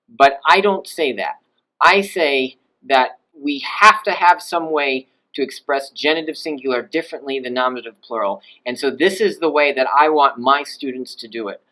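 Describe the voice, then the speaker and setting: A male language teacher giving a recorded lecture over slides, explaining patiently and voicing example phrases to show how his pitch rises and falls. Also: lively intonation, measured pace, pushed and bright, low-quality recording.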